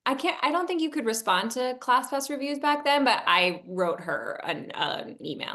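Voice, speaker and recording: A woman's voice: on the high side, lively intonation, normal speed, few pauses, a bit bright. A woman co-hosting a casual podcast, a yoga studio owner who talks candidly and mocks herself, swearing freely with many ums.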